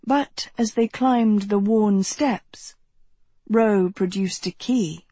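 A woman narrating a novel in an even, measured reading, recorded close to the mic. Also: medium pitch, husky, dry recording. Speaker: audiobook narrator. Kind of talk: scripted narration.

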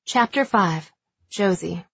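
A woman reads a new chapter of a first-person story, her mid-pitched voice soft and a touch breathy. The sound is dry and somewhat dull. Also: animated, slow, no room sound. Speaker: audiobook narrator. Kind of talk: first-person audiobook narration.

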